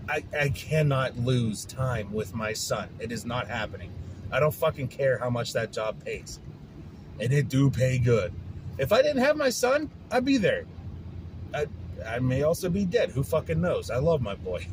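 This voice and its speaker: A man's voice: medium pitch, sing-song, moderate pace, background noise. A man hosting his own podcast, venting in a frustrated, profane casual rant. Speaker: podcast host. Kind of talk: casual ranting monologue.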